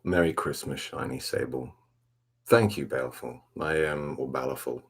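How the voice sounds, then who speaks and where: A man hosting a soft-spoken ASMR live stream, rambling laid-back as he reads and answers the chat, self-mocking. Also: very deep voice, normal speed, slightly rough. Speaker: ASMR livestream host.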